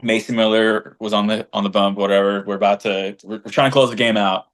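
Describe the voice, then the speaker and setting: A man co-hosting a fan podcast, telling a story in an animated, slangy and emphatic way. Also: on the low side, brisk. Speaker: podcast co-host and fan group leader. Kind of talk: casual podcast chat, storytelling.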